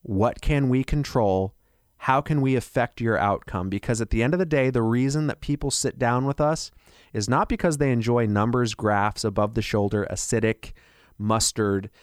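A man working as a financial advisor, delivering a persuasive radio pitch full of rhetorical questions. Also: moderate pace, smooth, dry recording, clean studio sound.

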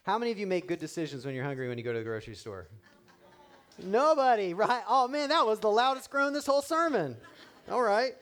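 Animated, jokey male preacher. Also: high-pitched, a little fast. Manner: animated, jokey preaching that acts out quotes in voices. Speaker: pastor. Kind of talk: sermon.

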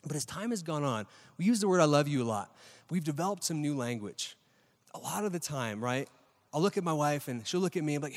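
A man's voice: fairly high pitch, lively intonation, fast. Man preaching in an echoing hall. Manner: conversational, questions the audience, keeps asking "right?". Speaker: pastor. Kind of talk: sermon. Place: church hall with a live audience. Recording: long reverb of a large hall.

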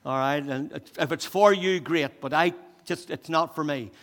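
A man preaching a sermon as pastor, animated and repetitive, turning soft and quiet when he voices a prayer. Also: a little high, moderate pace. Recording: long hall reverb.

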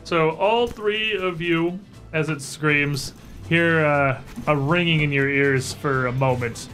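A man's voice: on the high side, slow, a bit bright, faint music behind. A man running a tabletop game as game master, describing the action in a laid-back, chatty way.

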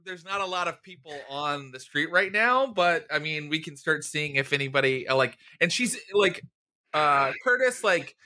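Bright-voiced man running a tabletop game. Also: a little high, animated. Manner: conversational, halting, good-humored. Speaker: game master.

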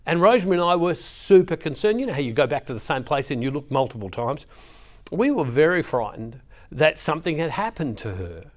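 A middle-aged man preaching, reading scripture and telling a family story with slow, emphatic pauses. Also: on the high side, big pitch swings. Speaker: Catholic preacher.

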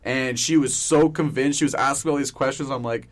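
A man's voice: mid-range voice, fairly even intonation, a little fast, few pauses. A young man co-hosting a casual sports podcast, telling rambling stories full of fillers and laughing often. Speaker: podcast co-host. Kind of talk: casual chat.

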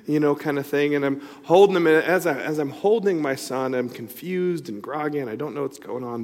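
A middle-aged man preaching a sermon, telling a personal story in a loose, conversational way with many asides. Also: fairly high pitch. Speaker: pastor. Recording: long reverb in a large hall.

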